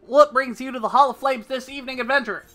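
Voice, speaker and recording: A woman's voice: sits high, fairly even intonation, fast, sharp tone, soft background music, pitched above the performer's own voice. Woman doing a polite male personnel officer. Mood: welcoming.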